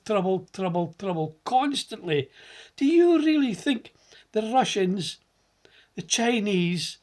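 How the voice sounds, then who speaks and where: A man's voice: high voice, a little mellow. A middle-aged man with a Scottish accent giving an impassioned political monologue, ranting and repeating words for emphasis. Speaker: political commentator.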